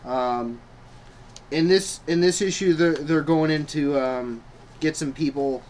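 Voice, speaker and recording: A man's voice: fairly high pitch, takes it slowly, darkish tone, a little hiss or hum. A man co-hosting a comic book chat, rambling with many fillers and restarts. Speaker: comic book podcast co-host. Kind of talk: casual chat.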